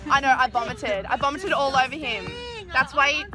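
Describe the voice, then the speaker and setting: A young woman tells a story to her vlog camera in a rush, her voice sitting a little high. She is chatty and swears freely, and music runs loud underneath her. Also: a little fast. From Australia. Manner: chatty, swears a lot, heavy use of "like". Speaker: vlogger. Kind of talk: excited casual storytelling.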